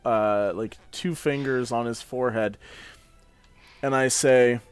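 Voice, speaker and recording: A man playing a tabletop game, describing his actions in an unhurried, soft-spoken way. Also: medium pitch, fairly even intonation, clear, resonant tone, no room sound, soft background music. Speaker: player.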